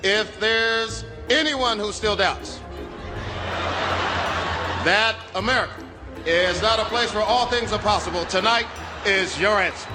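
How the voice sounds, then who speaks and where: A man doing an impression of a calm male president giving a measured victory speech. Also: high-pitched. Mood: solemn. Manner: smooth, calm, measured oratory. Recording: echoey hall, music behind.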